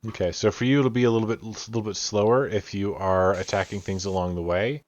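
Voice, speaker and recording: A man's voice: on the low side, fairly even intonation, fairly quick, no echo. A man narrating as game master of a tabletop game, describing scenes at length with frequent fillers. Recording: dull lo-fi audio.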